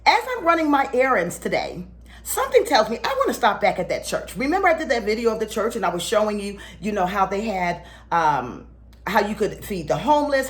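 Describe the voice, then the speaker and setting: A woman, a spiritual teacher telling a story to her viewers in a casual, animated way, laughing often and acting out the people she meets. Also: mid-range voice.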